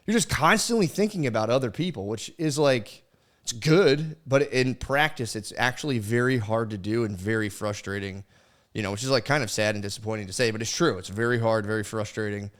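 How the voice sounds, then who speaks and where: A man's voice: on the low side, brisk. A man in his thirties hosting a casual solo podcast from home, rambling with lots of fillers and swearing as he tells stories into a studio microphone. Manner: rambling and profane, with frequent fillers. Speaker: podcast host.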